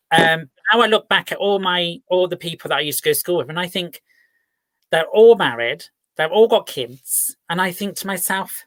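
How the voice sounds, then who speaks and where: Brief: male host, 40s, bright tense voice, giggly and chatty, reflective at times. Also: on the high side, dry recording. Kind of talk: casual chat on a live feed.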